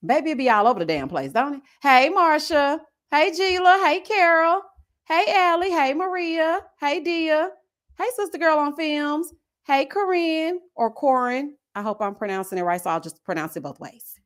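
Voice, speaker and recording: Sassy high-voiced woman chatting live. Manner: sassy, animated, greeting viewers by name. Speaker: reality TV reviewer hosting a live stream. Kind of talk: casual live-stream chat.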